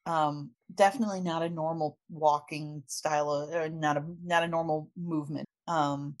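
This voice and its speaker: A woman's voice: low-pitched, fairly even intonation, moderate pace. A woman casually recapping a comic book story with lots of fillers and laughter. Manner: chatty, laughing, many fillers. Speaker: podcast host.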